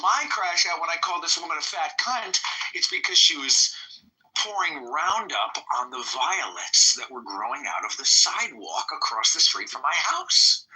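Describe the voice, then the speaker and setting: A man in his thirties in a casual, profane chat, rambling and jumping between soft asides and loud bursts. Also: fairly high pitch, very animated, moderate pace, poor audio. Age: 30s.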